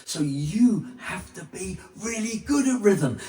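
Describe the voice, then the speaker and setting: An unhurried male vocal coach speaks slowly and with emphasis, breaking into sung vowels to show what he means. His voice comes from a little way off the mic in a roomy, echoing space. Faint music plays underneath. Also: high-pitched, animated, a little mellow, recorded from a distance. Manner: demonstrates with sung vowels and scat syllables. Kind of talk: singing lesson to camera.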